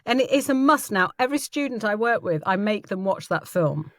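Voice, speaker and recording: A woman's voice: mid-range voice, expressive, brisk, dry recording, clean studio sound. A woman hosting an interview and coaching voice actors, encouraging her guest and laughing along. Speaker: host and voice coach. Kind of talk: interview chat.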